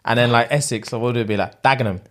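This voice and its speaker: A man's voice: mid-range voice, fast talker. A man co-hosting a podcast, chatting casually and playfully with lots of laughter. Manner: lively, laughs a lot, playful banter. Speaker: podcast co-host. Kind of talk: casual chat.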